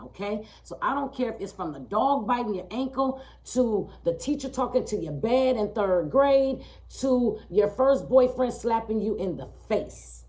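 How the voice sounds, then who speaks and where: Slow, emphatic woman talking live. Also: lively intonation, low-quality recording. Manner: emphatic, repetitive, keeps asking "okay?"; slow and deliberate, drops low and quiet on key points. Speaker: live stream host. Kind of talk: live-streamed motivational talk.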